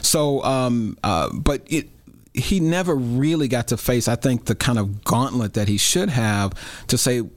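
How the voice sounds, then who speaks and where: A man, a talk show guest, speaking in a thoughtful, measured way about city politics. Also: medium pitch, animated, no echo. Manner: thoughtful, measured, many fillers and restarts. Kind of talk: casual political chat.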